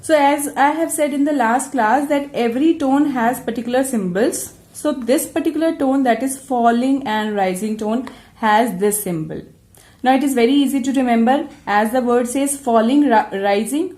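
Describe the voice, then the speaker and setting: A woman's voice: a little high, normal speed, darkish tone. Echoey-voiced woman teaching English. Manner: patient, explains step by step. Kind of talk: classroom lecture.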